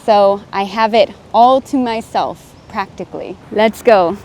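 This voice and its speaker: A woman's voice: medium pitch, unhurried, a little mellow, slight background noise. A young woman narrating her day in a casual, chatty vlog, laughing easily. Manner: chatty, laughs often, breathless while running. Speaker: English vlogger.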